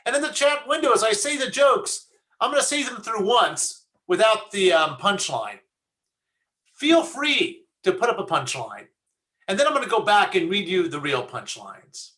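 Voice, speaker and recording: A man's voice: high-pitched, very animated, moderate pace, pushed and bright. A man leading an online service as rabbi, chatty and joking with corny puns over a video call. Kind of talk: casual online service hosting.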